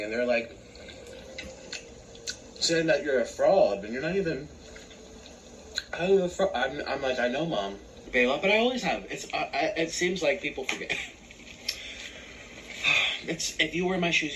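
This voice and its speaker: A man's voice: mid-range voice, moderate pace, pauses often, a little hiss or hum, rough recording. Sarcastic man ranting on a vlog. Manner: sarcastic, animated, complaining. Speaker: vlogger. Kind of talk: casual vlog rant.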